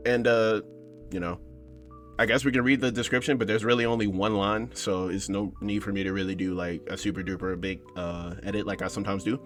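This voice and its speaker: A gaming YouTuber gives casual let's-play commentary on a horror game, rambling, joking, and calling his viewers "bro" and "y'all". His voice is lowish and fairly bright, delivered flatly at a brisk pace. Faint music plays behind him.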